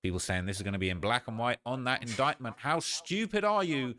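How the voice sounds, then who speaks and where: A man's voice: mid-range voice, a little fast, bright, forceful tone. A man hosting a casual reaction show, giving slangy, opinionated commentary and often tagging lines with "all right?". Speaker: host.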